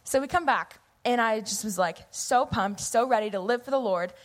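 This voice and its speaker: A young woman in her late teens from the US Pacific Northwest, giving an earnest, animated personal testimony into a church microphone. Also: a little high, normal speed. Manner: earnest, animated, acts out her past self in quotes. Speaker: youth member giving testimony. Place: church sanctuary. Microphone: microphone at a pulpit or stage.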